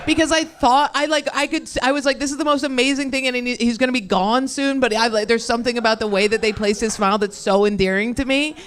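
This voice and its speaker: A young stand-up comedian does a set on a club stage, rambling and self-deprecating, laughing mid-sentence and losing her thread amid many fillers and restarts. Her voice is a little high and steady, she talks fast with few pauses, and there's slight background noise.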